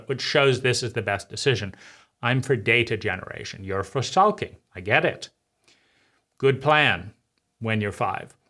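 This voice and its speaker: Man, bright tone, animated teaching monologue, acts out inner voices, repeats rhetorical phrases. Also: mid-range voice. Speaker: teacher of a personal-growth channel.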